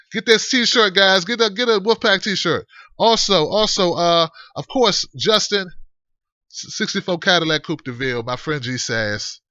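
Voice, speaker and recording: A male livestream host with a high, sharp voice that sits dry and close. He talks in a loose, rambling way and fires off animated shout-outs. The sound is dull and lo-fi. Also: dry recording. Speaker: host of an online talk show. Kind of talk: casual livestream chat. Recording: dull lo-fi stream audio.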